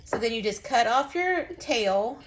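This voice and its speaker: A woman's voice: on the high side, lively intonation, measured pace. A woman giving a casual, folksy craft lesson, chatting to viewers as she demonstrates. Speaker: craft instructor.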